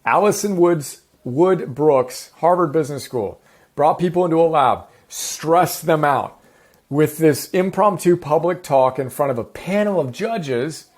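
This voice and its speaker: A man with a fairly high voice teaches a self-improvement class in a loose, casual way. He talks with lots of energy and enthusiasm and often corrects himself mid-sentence. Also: lively intonation, a little slow. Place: home in the countryside.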